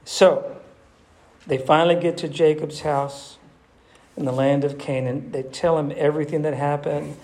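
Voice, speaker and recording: A male pastor who preaches a sermon and retells scripture in an animated, emphatic storytelling manner. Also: a little high, moderate pace.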